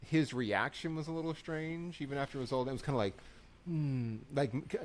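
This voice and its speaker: A man's voice: on the high side, fast talker. A man co-hosting a wrestling recap podcast, chatting casually and acting out quotes in little voices. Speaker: podcast co-host.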